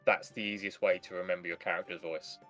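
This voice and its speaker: A man's voice: low voice, level tone, quick pace, sharp tone, soft background music. Earnest advice-giving male game master. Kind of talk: casual panel chat.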